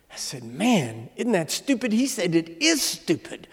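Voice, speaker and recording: An older man in his seventies delivers a humorous sermon in a high, bright voice. He tells his stories with comic timing and lets the big lines ring out as shouts. His voice carries long reverb from a large church sanctuary. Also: sing-song, a little slow, few pauses. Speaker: guest preacher.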